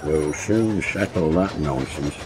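A man's voice: lowish voice, very animated, a little slow, noisy background. A man voicing a stern, impatient male railway boss in a storybook, speaking grimly and firmly. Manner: stern, patient but firm.

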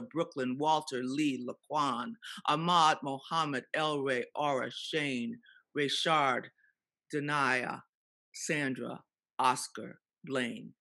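Slow, bright-voiced poetry reader. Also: male voice, fairly high pitch. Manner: incantatory, rhythmic address and long lists of names. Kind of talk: spoken word poetry reading.

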